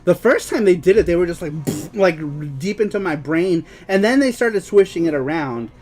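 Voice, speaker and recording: Young man, giggly, casual co-host chat, slightly high voice, faint background music. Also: expressive, normal speed, a little mellow. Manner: prone to fits of giggling. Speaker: podcast co-host.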